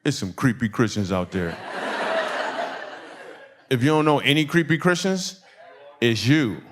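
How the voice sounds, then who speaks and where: A man's voice: mid-range voice, unhurried. A man from Michigan doing a stand-up comedy set, telling stories and acting out the people in them. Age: adult. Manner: animated, acts out quoted voices, laughter in the crowd.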